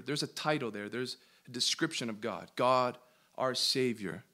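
A man leading a Bible study, reading verses aloud with emphatic, animated delivery and quick questions to his listeners. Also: mid-range voice. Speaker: Bible teacher.

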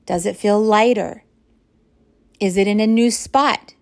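Woman podcast host, middle-aged, mid-pitched, unhurried and gentle, easing now and then into soft whispers. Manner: slow, calm and reflective, drops to soft whispers at times. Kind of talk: guided mindfulness talk.

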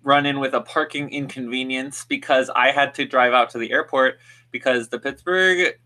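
Bright-voiced young man telling rambling stories. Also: mid-range voice, steady tone, moderate pace. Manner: rambling storyteller with many fillers and restarts. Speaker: podcast co-host. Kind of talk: casual chat.

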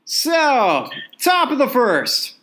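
A man's voice: extremely high pitch, huge pitch swings, drawn-out words, noisy background. A man co-hosting a sports podcast, rambling and joking with many restarts. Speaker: podcast co-host. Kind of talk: casual sports chat.

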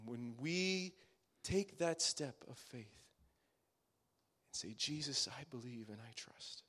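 A man preaching a sermon to his church, building phrases up and letting them fall away to a hush. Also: mid-range voice, animated, takes it slowly, slightly rough. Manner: dramatic, swelling then dropping to hushed phrase endings.

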